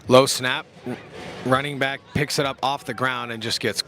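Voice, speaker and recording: A medium-pitched, fairly even young male voice at normal speed calls a youth football game outdoors over a noisy background. He's an easygoing play-by-play commentator who trades in slang, jokes and self-deprecation.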